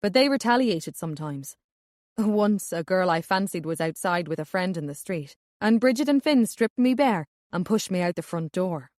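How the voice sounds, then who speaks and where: A woman's voice: fairly low pitch, animated, normal speed, darkish tone, no room sound, studio quality, close to an everyday voice. Woman voicing a laid-back young Irish man. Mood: amused. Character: easygoing young Irish man, teasing and warm. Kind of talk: audiobook character voice.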